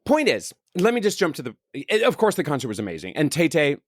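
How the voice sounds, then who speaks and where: A middle-aged man co-hosting a chatty podcast, his pitch swinging widely as he tells a story. He slips into playful voices for the people in it. The sound is close and dry. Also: fast talker, no room sound. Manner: animated storyteller, acts out quotes in voices. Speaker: podcast co-host. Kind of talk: casual chat.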